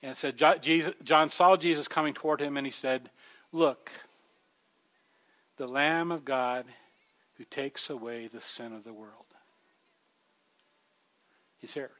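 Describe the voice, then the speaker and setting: A man's voice: mid-range voice, normal speed, pauses often, bright, forceful tone. A man preaching a sermon in a conversational way, calling his listeners folks and growing more emphatic as he urges them. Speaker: pastor.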